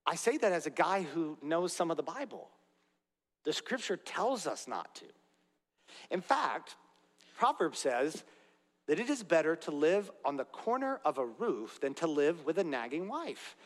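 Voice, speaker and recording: A pastor delivers an earnest, direct sermon in a church sanctuary, adding conversational asides to the congregation. His voice sits on the high side, swings widely in pitch, and moves a little slowly. The large hall leaves a long reverb.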